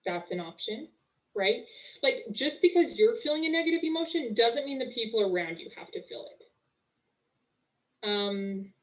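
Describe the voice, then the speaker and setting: A young woman working as a marriage coach, talking casually and warmly on a live webinar, full of "like" and "okay", speaking through a video call mic. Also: a little high, lively intonation, measured pace, rough recording. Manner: chatty, upbeat, full of "like" and "okay".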